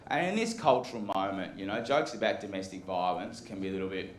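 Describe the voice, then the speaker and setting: A man's voice: low-pitched, animated, fast, slight background noise. A Western Australian man doing a live stand-up set, with a dry, offhand delivery and asides to the crowd. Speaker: stand-up comedian. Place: comedy club stage. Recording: echoey room with loud ambience.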